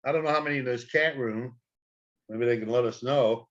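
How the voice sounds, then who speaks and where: A man's voice: mid-range voice, fairly quick, fairly bright tone. An older man hosting a live chat, with a mid-range voice. He rambles folksily, stumbling over repeated words, and his audio comes through dull and lo-fi. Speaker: host. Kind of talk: casual chat on a livestream.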